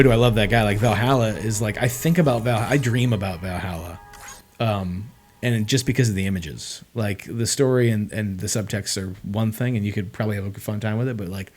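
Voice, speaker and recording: Rambling, excitable young man streaming. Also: on the low side. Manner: rambling, excitable, lots of "like" and "dude". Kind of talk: casual livestream chat.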